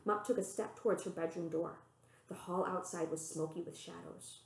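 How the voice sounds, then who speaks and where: Librarian, woman, storybook read-aloud, expressive, roomy echo. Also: moderate pace, vocal fry. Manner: expressive, voicing the characters with pitch lifts.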